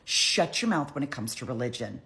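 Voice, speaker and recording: A woman's voice: very deep voice, sing-song, brisk, pushed and bright, exaggerated voice. A woman voicing a male court physician who talks in a blunt, conspiratorial, slangy way. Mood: urgent.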